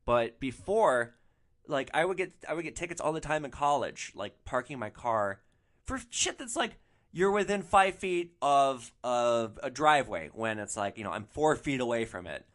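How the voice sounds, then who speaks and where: A young man hosting a solo podcast, telling stories in an animated, ranting way and swearing freely. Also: mid-range voice, normal speed. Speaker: podcast host.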